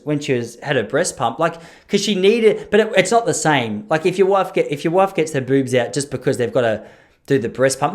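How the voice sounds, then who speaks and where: A young man hosting a podcast, telling a long story alone in a rambling, jokey way and breaking off his own sentences. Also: fairly high pitch. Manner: rambling, self-interrupting, jokey asides. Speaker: podcast host. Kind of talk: casual solo storytelling.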